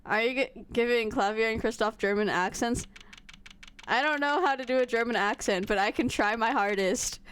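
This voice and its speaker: A woman's voice: a little high, sing-song, fairly bright tone, slight background noise. A woman streaming a game, chatting casually with her viewers and poking fun at herself. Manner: chatty, self-mocking, quick to laugh.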